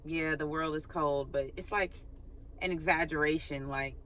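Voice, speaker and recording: Bright-voiced lady doing a casual spiritual reading, chatty, forgot her mic. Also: low-pitched, steady tone, moderate pace, a little hiss or hum. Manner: chatty, laughs often, acts out quoted sighs. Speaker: faith channel host giving a spiritual reading. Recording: recorded without her microphone.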